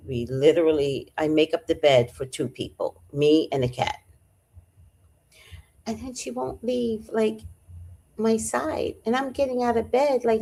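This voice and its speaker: Husky, lively woman chatting profanely. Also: mid-range voice. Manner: animated, profane, storytelling. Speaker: livestream host reading chat. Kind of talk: casual chat.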